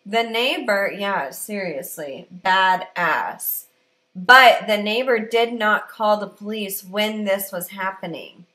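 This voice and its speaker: A woman tells a true-crime story on a podcast in loose, casual chat. Her voice is bright and forward, and she is blunt and swears freely. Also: medium pitch, slow.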